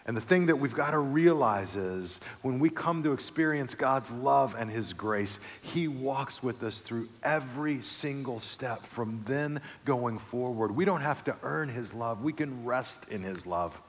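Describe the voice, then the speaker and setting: A man's voice: mid-range voice, unhurried, few pauses. Man preaching in an echoey hall. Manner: lively storyteller, builds to excited comic peaks then softens. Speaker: pastor. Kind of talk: sermon with humorous personal story. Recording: reverberant hall.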